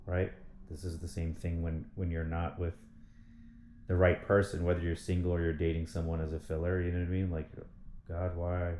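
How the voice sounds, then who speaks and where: A man's voice: low voice, completely flat delivery, moderate pace, mellow, roomy sound, slight background noise. A man talking in a casual monologue, rambling and swearing as he rants in frustration. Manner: rambling, profane, frustrated ranting. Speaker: vlogger.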